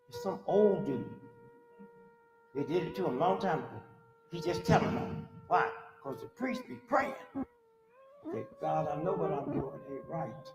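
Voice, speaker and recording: A man in his sixties working a crowd in stand-up, his voice high and swinging wildly up and down. He talks like a preacher, throwing quick rhetorical jabs at the audience. The recording is live in a big, echoey hall, with clear music playing behind him. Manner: animated, preachy, baits the crowd with rhetorical asides. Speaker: stand-up comedian. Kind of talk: stand-up comedy monologue.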